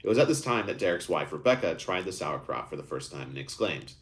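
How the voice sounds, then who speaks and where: Man, low voice, lively pitch, live story reading, casual restarts. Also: fast talker, few pauses. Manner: animated reading, raises pitch for characters, stumbles and restarts. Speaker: author reading his own book.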